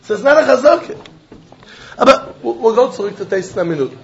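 A man teaching a Talmud class, arguing through the text in an animated way and throwing pointed questions at his students. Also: very high voice, brisk, creaky, dull audio, slight background noise. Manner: animated, argumentative, mixing Yiddish and Hebrew terms into English.

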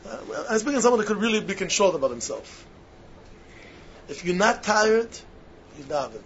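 A man with giving a sermon-style talk to yeshiva students, emphatic and repetitive, swinging between loud stresses and hushed asides, on a muffled lo-fi recording. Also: on the high side, quick pace. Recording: muffled lo-fi recording with faint hiss.

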